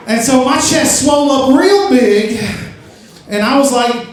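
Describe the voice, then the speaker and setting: Stand-up comic, male, from Louisiana; high-pitched, rambling delivery that builds to shouted rants, far off the mic. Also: lively intonation, a little slow. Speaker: stand-up comedian. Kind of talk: stand-up comedy set. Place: comedy club stage. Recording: echoey club from far off mic.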